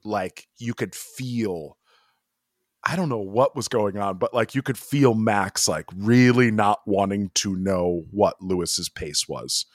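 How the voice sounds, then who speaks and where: A man's voice: lowish voice, slow, dry recording, clean studio sound. A man co-hosting a podcast, chatting in an amused, rambling way full of asides. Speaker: podcast co-host. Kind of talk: casual chat.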